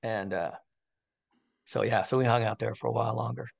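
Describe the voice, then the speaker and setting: A man's voice: fairly low pitch, steady tone, fairly quick, creaky, lo-fi sound. An older man, an interview guest, telling a story in a casual, rambling way, full of fillers and restarts.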